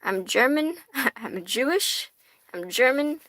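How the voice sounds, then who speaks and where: A woman's voice: high voice, expressive, takes it slowly, fairly bright tone, no echo. A young woman from the US hosting a casual livestream, chatting with viewers, swearing freely and laughing often. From United States. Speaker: tarot livestream host. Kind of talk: casual livestream chat reading viewer comments.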